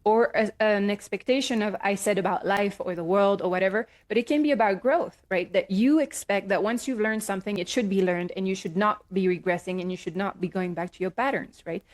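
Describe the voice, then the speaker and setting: A middle-aged woman speaks as a life coach in a casual, reflective advice talk. Her voice sits at an ordinary middle pitch, and she pauses often, checking in with her listener in a gentle way. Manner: gentle, reflective, many "right?" and "um" fillers.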